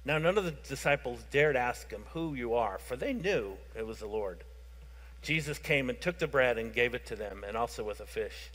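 A man preaching a sermon as pastor, explaining scripture and moving between hushed passages and loud, fervent emphasis. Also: medium pitch, expressive, normal speed. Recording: reverberant hall.

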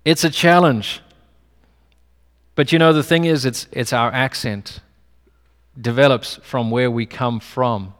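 A man's voice: mid-range voice, measured pace, long pauses, a bit bright. A male pastor with a non-American English accent gives a conversational sermon full of personal stories. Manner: conversational preaching with personal anecdotes. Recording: long hall reverb.

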